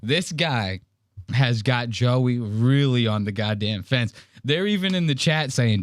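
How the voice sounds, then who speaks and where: A man's voice: medium pitch, lively intonation, a little slow, no room sound. Hyped, profane podcast host man. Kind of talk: reaction commentary.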